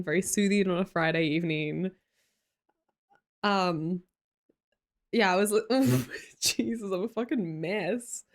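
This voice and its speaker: A young woman with an Australian accent chatting casually with her live-stream viewers, laughing often and greeting them by name. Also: mid-range voice.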